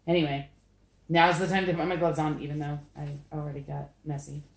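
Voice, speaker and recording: A woman's voice: low-pitched, steady tone, a little fast, gravelly, slight background noise. A woman chatting casually and self-deprecatingly to the camera while she pours paint, giggling often. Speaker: acrylic pour artist. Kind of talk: casual craft vlog chat. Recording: echoey room.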